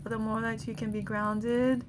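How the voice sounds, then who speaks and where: A woman's voice: fairly high pitch, level tone, a little slow, noisy background. A woman energy healer giving a casual guided healing talk, chatty and laughing often between phrases.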